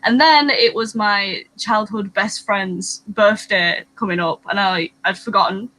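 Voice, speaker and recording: A woman's voice: mid-range voice, unhurried, sharp tone, poor audio. A woman on a casual livestream telling an embarrassing childhood story in a self-deprecating way. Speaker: livestream co-host.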